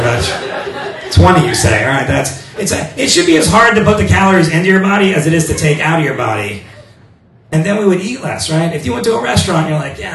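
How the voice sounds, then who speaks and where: A male stand-up comedian with a crude, self-mocking manner and a voice going hoarse, swearing often on a club stage. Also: a little high, reverberant, recorded from a distance. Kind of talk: stand-up set.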